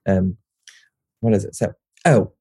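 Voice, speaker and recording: A man's voice: on the low side, a little slow, slightly rough, no echo, clean studio sound. Rambling Scouse man. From Liverpool, England. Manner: rambling, self-interrupting, swears casually, lively. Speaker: poet, guest. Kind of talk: casual interview chat.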